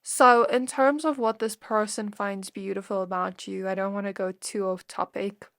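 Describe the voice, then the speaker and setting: A woman reading tarot cards for viewers, talking in a soft, intimate and emotional way, close to tears. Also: mid-range voice, steady tone, normal speed, no echo. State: teary, close to crying. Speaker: tarot reader. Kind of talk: pick-a-card tarot reading.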